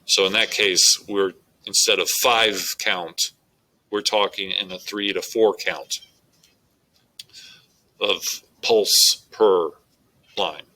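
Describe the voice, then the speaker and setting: A man's voice: low-pitched, fairly even intonation, slow pace, long pauses, sharp tone, poor audio. A male English teacher giving a methodical, explanatory recorded lecture on poetry.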